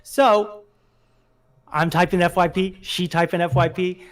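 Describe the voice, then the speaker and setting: This is a man with a fairly high voice and a lilt, co-hosting a relaxed podcast chat. He is animated and laughs often. He sometimes drops into playful put-on voices. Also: measured pace. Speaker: podcast co-host. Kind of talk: casual chat.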